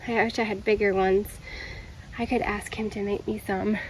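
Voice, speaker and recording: A woman's voice: medium pitch, flat delivery, moderate pace, a little mellow, a little hiss or hum, low-quality recording. A woman chatting enthusiastically as she vlogs about her plants and porch decorations outdoors, talking straight to her viewers. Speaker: home and garden vlogger. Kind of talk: casual vlog narration. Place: outdoors on a home deck and porch.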